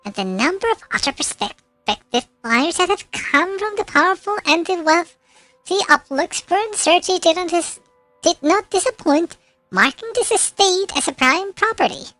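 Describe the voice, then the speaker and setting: High-pitched woman reading game narration. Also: sing-song, moderate pace, bright, forceful tone, no echo, soft background music. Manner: reads with slips and self-corrections. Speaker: streamer.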